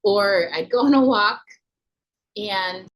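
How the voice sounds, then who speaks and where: A woman in her thirties speaks in a soft, breathy voice, coaching her listeners with gentle explanations. She pauses often to check in with them. Her pitch sits in the middle for a woman. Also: lively intonation, low-quality recording. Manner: gentle, coaching, many "okay?" check-ins. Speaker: inner healing coach. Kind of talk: teaching talk to camera.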